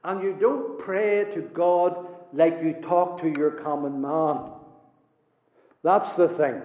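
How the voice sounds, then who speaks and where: A man preaching a sermon to a congregation, emphatic, with dramatic swings between quiet and loud passages. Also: on the high side, fairly even intonation, slow pace, pauses often. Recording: echoey hall, dull lo-fi sound.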